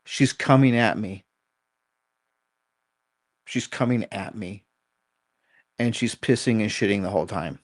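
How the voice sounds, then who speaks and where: A man's voice: fairly low pitch, a little slow, pauses often, no room sound. A middle-aged man, a dog trainer and guest, telling a story in a candid, self-critical way and swearing casually.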